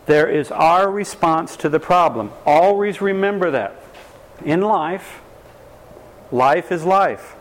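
A man's voice: a little high, poor audio. A man teaching a class, talking emphatically and asking the room questions. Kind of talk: lecture to a live class.

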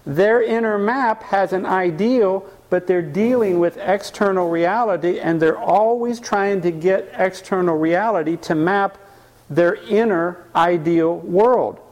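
Teaching a workshop on anger, a man speaks live to an audience in a high-pitched, unhurried voice. He keeps it lively by questioning the audience and acting out what people say.

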